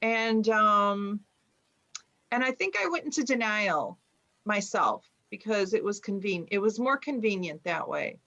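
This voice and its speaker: A woman's voice: medium pitch, animated, a little slow, bright, forceful tone. A middle-aged woman from the United States, an author and journalist, tells a personal story in conversation at home over a video call. She uses many fillers and acts out the people she quotes. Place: home room with bookshelves behind her. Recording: dull lo-fi sound.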